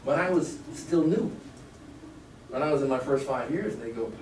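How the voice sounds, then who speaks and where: A man's voice: medium pitch, moderate pace, recorded from a distance, crowd noise. A man teaching a live real estate sales class, talking conversationally and quizzing the class with questions. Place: training room with a live class. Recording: echoey room from afar with clear background noise.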